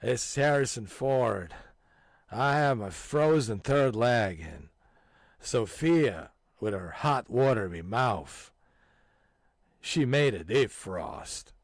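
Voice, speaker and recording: A man hosting a gaming channel, loudly swapping stories with friends and breaking into frequent laughter and exclamations. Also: mid-range voice, lively intonation, slow pace, dry recording, clean studio sound. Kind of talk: casual chat with friends.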